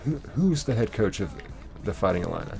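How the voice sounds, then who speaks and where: A man's voice: on the low side, very animated, brisk, gravelly, darkish tone, faint music behind. An American man hosting a livestream, reading out viewer comments and answering them in a rambling, casual way with many fillers. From United States. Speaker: livestream host.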